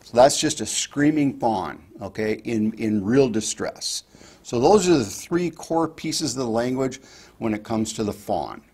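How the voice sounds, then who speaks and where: A man teaching hunters fawn calls, explaining each step in a relaxed instructional way. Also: medium pitch, a little slow, husky. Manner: explains step by step, demonstrates softly. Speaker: hunting call instructor. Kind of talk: instructional talk.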